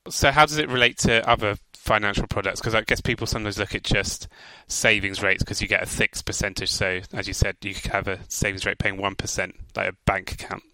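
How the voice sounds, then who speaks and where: A man's voice: on the low side, fairly even intonation, a little fast, hardly any pauses, bright, forceful tone, dry recording, rough recording. A man co-hosting a casual chat about personal finance, quizzing his partner in an upbeat game-show manner. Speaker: co-host.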